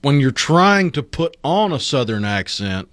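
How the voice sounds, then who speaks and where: A male co-host on a talk radio show speaks slowly and deliberately, taking his time to find the right words. His voice sits mid-range, and the studio sound is dry and close. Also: mid-range voice, very animated, fairly bright tone, dry recording. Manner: slow, deliberate, searching for words. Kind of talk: casual talk radio chat.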